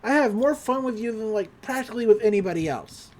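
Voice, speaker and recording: A woman's voice: a little high, lively intonation, quick pace, darkish tone, lightly acted. A woman voicing a laid-back teenage girl in a podcast recap, slangy and reassuring.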